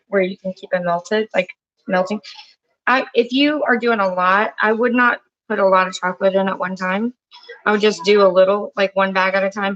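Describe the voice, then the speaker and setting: A woman chats her way through a live cooking stream in her home kitchen, rambling from topic to topic and turning aside to talk to her dog and family. Her voice sits at an ordinary middle pitch. The audio is a little dull and muffled. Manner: chatty and rambling, breaks off to talk to pets and family.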